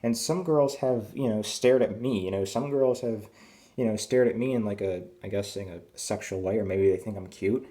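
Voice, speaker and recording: A man's voice: lowish voice, moderate pace, dark tone. A man in his twenties ranting at home, crude and rambling, full of fillers, keeping his voice down early in the morning. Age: 20s. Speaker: vlogger. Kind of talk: rambling rant to camera. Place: at home indoors.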